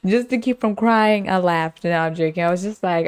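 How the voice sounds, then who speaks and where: A young woman hosting a podcast, chatting casually through an animated, rambling, slangy storytime and laughing often. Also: low-pitched, normal speed, smooth, no room sound. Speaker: podcast host.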